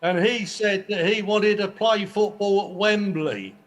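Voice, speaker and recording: A man's voice: sits high, measured pace. A man with a Cockney accent, chatting as a guest and telling a friendly story. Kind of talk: casual chat.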